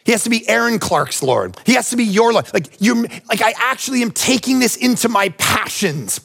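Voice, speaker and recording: A man's voice: high voice, animated, moderate pace, creaky, a bit bright, husky. A man preaching a sermon, telling personal stories in a conversational, emphatic way and often turning to address his listeners directly. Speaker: pastor.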